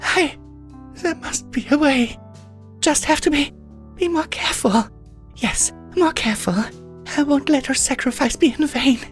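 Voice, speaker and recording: A man's voice: very high voice, measured pace, pauses often, faint music behind, pitched above the performer's own voice. A man voicing an elegant, grieving unicorn mare in an audiobook, frantic and pleading. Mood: shaky resolve. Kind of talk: audiobook character voice.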